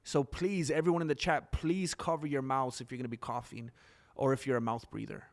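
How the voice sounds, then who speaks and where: Here a male livestream host talks fairly quickly in a steady, gravelly, mid-range voice. It's loose, rambling live-stream chatter full of ums as he reacts to what viewers type.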